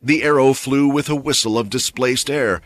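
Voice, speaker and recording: A man narrating a fantasy story recap with an expressive, dramatic delivery. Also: medium pitch, moderate pace, dry recording.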